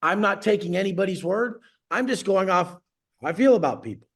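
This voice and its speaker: A man's voice: high-pitched, lively intonation, a little fast, vocal fry, a bit bright, slightly rough. A man coaching clients on a video call, ranting bluntly and profanely, boasting as he goes.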